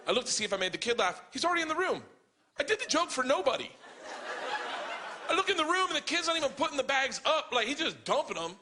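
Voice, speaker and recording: A man performing stand-up on a club stage, telling stories in a profane, animated way. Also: very high-pitched, quick pace. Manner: profane, animated, acting out voices. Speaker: stand-up comedian. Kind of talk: stand-up storytelling.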